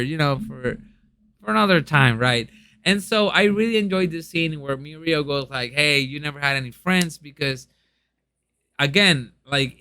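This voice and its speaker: Bright, eager young man reviewing manga. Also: on the high side, clear, resonant tone, no echo. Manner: enthusiastic, lots of ums and restarts. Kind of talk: casual review chat.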